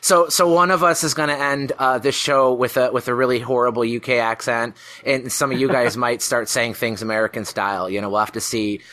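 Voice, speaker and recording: Bright-voiced male podcast host. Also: medium pitch, fairly even intonation, brisk, few pauses. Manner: friendly, chatty, with frequent fillers and restarts. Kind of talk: casual video-call podcast chat.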